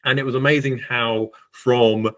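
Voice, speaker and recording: A man's voice: mid-range voice, fairly even intonation, measured pace. A man, a guest on a podcast, telling his own story candidly, with lots of fillers and restarts. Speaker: podcast guest, estate agent.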